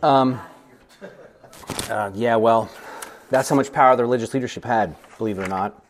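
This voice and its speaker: Middle-aged male pastor, mid-range voice, lively informal teaching in a church, self-deprecating, slips into acted voices. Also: mid-range voice, moderate pace, a little hiss or hum. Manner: animated, self-deprecating, acts out quoted voices. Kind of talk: informal Bible study teaching.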